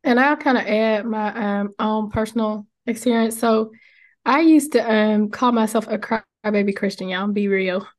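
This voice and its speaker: A young woman co-hosting a casual faith podcast, telling a personal story in a lively way and acting out the voices she quotes. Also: mid-range voice, moderate pace. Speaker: podcast co-host.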